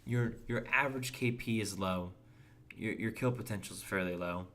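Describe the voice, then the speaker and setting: A man's voice: lowish voice, normal speed, fairly bright tone. A young man chatting casually while streaming a game, reading and answering chat and often restarting his words. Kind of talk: casual gameplay commentary.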